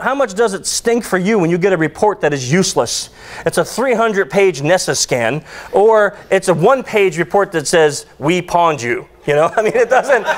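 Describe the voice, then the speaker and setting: A man giving a conference talk, joking and ranting as he tells stories to the audience. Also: on the high side. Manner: joking, ranting, animated storytelling. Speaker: conference speaker. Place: conference hall.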